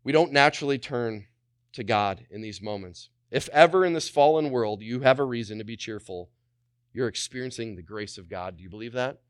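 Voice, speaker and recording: A man's voice: mid-range voice, brisk, clean tone, dry recording, clean studio sound. A male pastor preaching a sermon with energy, repeating phrases and voicing the people he quotes. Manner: energetic, repetitive, voices the speakers he quotes.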